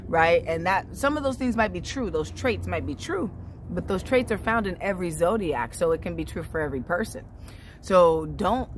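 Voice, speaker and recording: Woman, lowish voice, laid-back spiritual vlogger, faint background noise. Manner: relaxed, chatty, repeats "right?" often. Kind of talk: casual spiritual vlog talk.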